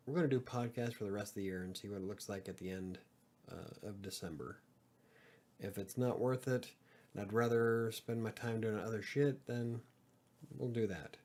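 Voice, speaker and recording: A man's voice: lowish voice, a little mellow. A middle-aged man hosting a live podcast stream, chatting in a rambling, self-deprecating way and swearing casually. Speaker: podcast host.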